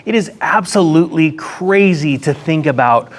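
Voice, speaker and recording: A man with a fairly high voice hosts his own economics commentary vlog, speaking at a moderate pace from a room near a window. He's casual, sarcastic and animated, laughing at his own jokes.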